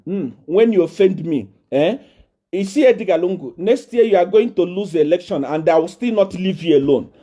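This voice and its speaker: A man preaches as a self-proclaimed prophet, his high voice swinging widely in pitch. The tone is warm and mellow, but the delivery is boastful and defiant. He hammers the same phrases again and again and builds to shouts. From Nigeria. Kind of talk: preaching to a congregation.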